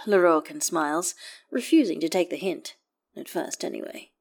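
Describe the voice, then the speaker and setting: A woman narrating fan fiction aloud in a calm, measured storytelling manner. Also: low voice, creaky, slightly rough. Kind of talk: audiobook reading of fan fiction.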